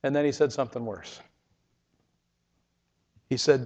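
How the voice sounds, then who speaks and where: A man telling his own story in the first person, earnest and emotional, often halting and repeating words. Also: medium pitch, darkish tone. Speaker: storyteller giving a testimony. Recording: reverberant, dull lo-fi sound.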